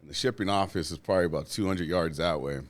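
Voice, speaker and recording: A man, a union steward guest, telling work stories in a casual, profane and animated way, acting out what people said. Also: low-pitched, fast talker. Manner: profane, animated, acts out quotes. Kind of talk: casual storytelling.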